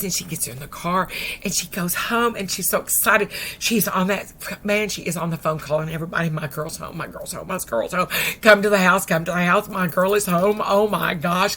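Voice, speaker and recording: Bright-voiced woman preacher. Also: medium pitch, slight background noise. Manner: animated folksy storytelling, drops to near whispers. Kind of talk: storytelling sermon.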